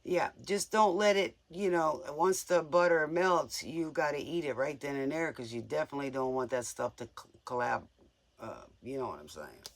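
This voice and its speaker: A man's voice: a little high, moderate pace. A man giving a casual live tarot reading in a playful, joking way, often giggling. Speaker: tarot reader.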